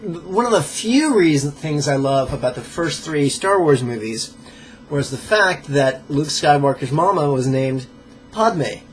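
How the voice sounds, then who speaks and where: Guy teaching meditation chants, jokey, slow careful syllables, a bit of background hiss. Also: fairly high pitch, animated. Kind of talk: pronunciation drill in a live lesson.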